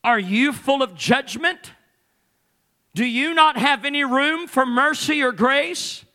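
A male pastor preaching a folksy sermon in church, building from quiet talk to shouting. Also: very high voice, takes it slowly.

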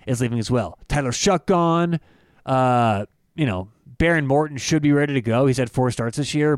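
A man's voice: a little high, clear, resonant tone, dry recording, clean studio sound. A man co-hosting a sports betting podcast, talking casually and rambling through stats, often correcting himself. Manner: rambling, self-correcting, lots of numbers. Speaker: podcast co-host.

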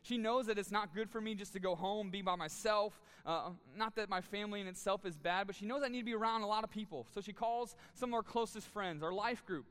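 Bright, clear-voiced pastor in a hall. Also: male voice, high-pitched, quick pace, few pauses. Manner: earnest, candid, repeats words when moved. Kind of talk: sermon with personal story. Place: church auditorium, live audience. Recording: long reverb of a large hall.

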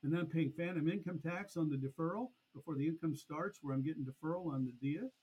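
Middle-aged male guest, husky tone, brisk raised pitch, animated storyteller. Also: poor audio. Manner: animated, acts out past conversations. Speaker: podcast guest, annuity expert. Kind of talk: conversational storytelling.

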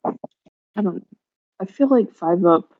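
A woman's voice: medium pitch, expressive, slow pace. A young woman on a casual podcast, hesitant and stammering as she talks. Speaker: podcast guest. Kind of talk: casual chat. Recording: dull lo-fi mic.

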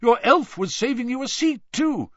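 A man voicing an excitable, bumbling middle-aged wizard official who fires off breathless, rapid questions. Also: extremely high pitch, dry recording, pitched above the performer's own voice, exaggerated voice. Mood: flustered. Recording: dull lo-fi recording.

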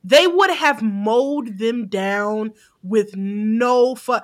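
A young woman co-hosting a podcast, talking in a blunt, animated, profane way, often laughing. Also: fairly high pitch, extremely slow. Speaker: podcast co-host. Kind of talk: casual chat.

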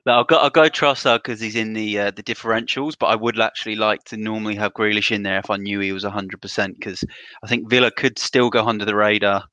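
Low bright-toned man chatting. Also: steady tone, fast, few pauses, no echo, highs cut off. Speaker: podcast panelist. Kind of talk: casual chat.

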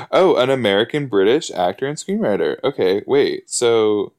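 A man giving casual, excitable commentary while watching an episode, chatty and full of fillers and gasps. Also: mid-range voice, moderate pace. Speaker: podcast host reacting to an episode.

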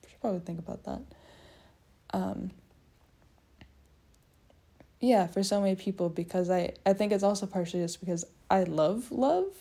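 A woman's voice: medium pitch, moderate pace, gravelly, pauses often, dark tone, breathy edge. A young woman rambling through a personal monologue, musing and self-mocking as she talks in loose circles. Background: people faintly heard in the hallway.

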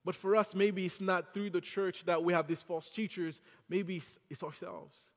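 Man, preacher, sermon, high voice, earnest emphasis, long church reverb. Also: steady tone, normal speed.

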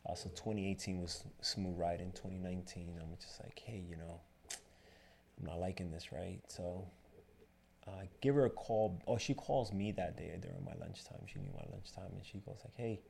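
A man's voice: low voice, brisk, creaky, slight background noise. A man being interviewed as a barbershop owner, casually retelling a personal story with lots of quoted back-and-forth. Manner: rambling, animated retelling with quoted dialogue.

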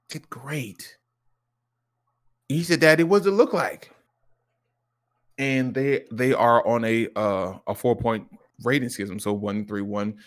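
Animated father telling stories. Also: on the low side. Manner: animated storytelling, acts out his son's lines; earnest and reflective. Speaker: podcast co-host. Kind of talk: casual conversation.

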